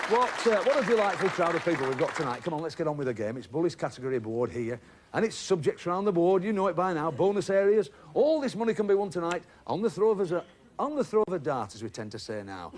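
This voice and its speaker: Joking game show host, lively pitch. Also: male voice, very noisy. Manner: chatty, joking, teasing contestants. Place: TV studio with a live audience.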